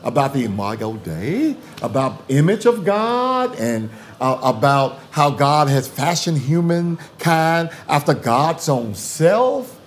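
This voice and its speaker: A man's voice: fairly high pitch, very animated, takes it slowly, few pauses, slight background noise. A man, a theologian guest in a conversational interview, talking emphatically and repeating phrases for rhythm.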